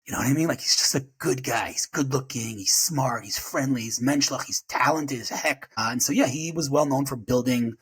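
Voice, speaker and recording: Husky guy in his 40s talking fast, lots of restarts, slightly low voice. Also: fairly bright tone, low-quality recording. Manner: rapid, halting, with many restarts and fillers. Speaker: podcast guest. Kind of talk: emotional personal remembrance.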